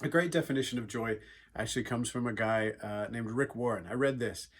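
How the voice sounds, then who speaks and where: Earnest husky-voiced man giving a devotional talk. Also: medium pitch, brisk. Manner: earnest, conversational, with frequent fillers. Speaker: youth speaker. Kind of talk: devotional talk retelling a Bible story.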